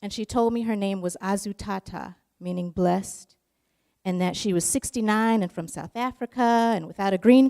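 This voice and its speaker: Gravelly earnest woman storyteller. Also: medium pitch, dark tone. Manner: earnest and emotional, tells in long flowing runs. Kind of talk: personal storytelling.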